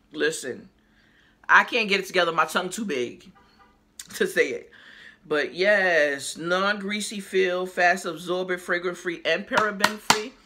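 A woman chatting casually to her viewers in a haul video, lively and exclamatory, talking straight to the camera and sometimes while chewing. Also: lowish voice. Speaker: haul vlogger. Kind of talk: casual haul vlog chat.

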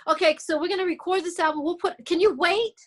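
A woman's voice: very high-pitched, fairly even intonation, fast talker. A middle-aged woman, a singer being interviewed, speaking bluntly and emphatically, swearing freely and acting out what others said. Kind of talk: candid interview chat.

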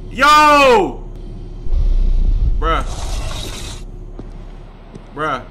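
A young man playing a horror game on a desk mic, jumpy and yelling in slang. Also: very high voice, animated, slow, long pauses, slight background noise. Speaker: gaming YouTuber. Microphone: desk microphone.

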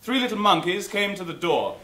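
A man's voice: high voice, fairly quick, heavy background noise. A man playing a bumbling, mock-grand police inspector in an amateur stage comedy. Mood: theatrical. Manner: theatrical, lively, mock-grand. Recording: echoey theatre hall from far off.

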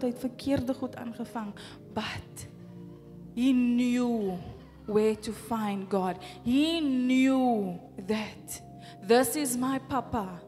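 Slow-preaching South African woman pastor. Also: a little high, warm tone. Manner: impassioned preaching with repeated rhetorical questions. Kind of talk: sermon. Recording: reverberant hall with faint music.

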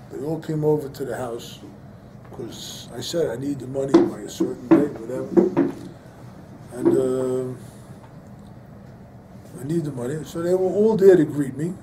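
An older rabbi teaches a Torah class, starting with a personal story before moving into preaching that builds in emphasis, peppered with Hebrew and Yiddish-inflected terms. His voice is mid-range, with background noise present.

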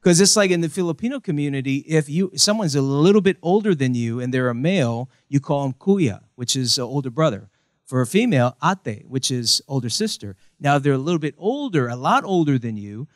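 A man's voice: medium pitch, brisk, no echo, studio quality. A young man from the United States preaching a sermon with humor, acting out voices in his stories. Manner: animated, acts out quoted voices. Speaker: pastor.

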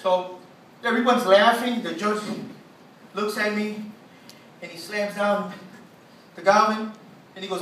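Male stand-up comic, high and sharp-toned, profane storyteller; roomy, distant recording. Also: steady tone, normal speed, long pauses, slight background noise. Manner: profane, laughing at his own story. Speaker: stand-up comedian. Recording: echoey room from far off.

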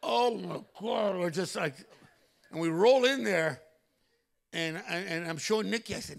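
A male pastor preaching a sermon in a church, telling stories animatedly with loud exclamations. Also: high-pitched, measured pace, vocal fry.

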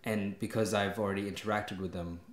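A young man with an Australian accent, a podcast guest answering questions in casual chat with soft, short replies. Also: on the low side, steady tone, brisk, echoey room. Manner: soft-spoken, short answers with many "mm" and "yeah".

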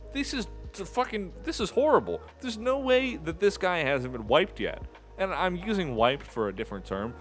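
A young man giving angry, profane commentary on a video clip, exasperated and ranting. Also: mid-range voice. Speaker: commentary YouTuber.

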